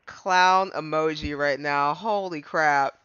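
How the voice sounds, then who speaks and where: A man streaming a game live, giggly and excitable, reading dialogue and laughing often, on muffled stream audio. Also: high-pitched, clean tone, no room sound.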